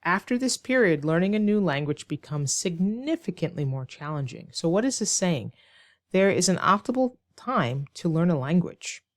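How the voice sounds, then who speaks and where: A woman teaching an online English lesson, explaining slowly and clearly with rhetorical questions to her students. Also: fairly low pitch, sing-song, dry recording, clean studio sound. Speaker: ESL teacher.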